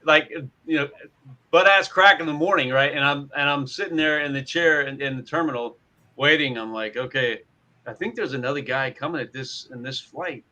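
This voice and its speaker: Guy telling a story w a bright sharp voice, kinda high. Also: normal speed, poor audio. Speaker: guest. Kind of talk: storytelling chat.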